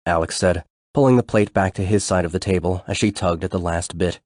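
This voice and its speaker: A man reading an audiobook in a measured, steady scripted narration. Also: sits low, no room sound, clean studio sound.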